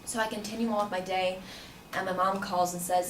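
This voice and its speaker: A woman telling a personal story to listeners in a conversational, animated way. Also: mid-range voice, moderate pace. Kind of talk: personal story told to an audience. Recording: roomy, distant mic with faint background noise.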